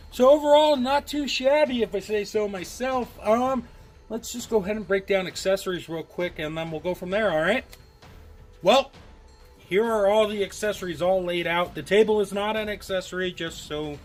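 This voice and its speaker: A man giving a casual, rambling review of an action figure to his viewers, with frequent ums and self-deprecating asides. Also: high-pitched. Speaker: toy reviewer.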